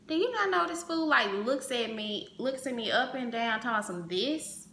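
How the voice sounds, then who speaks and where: A woman telling a personal story in casual vlog fashion, animated, acting out the other people's lines as she goes. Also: on the high side, brisk, few pauses, a little hiss or hum. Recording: roomy echo.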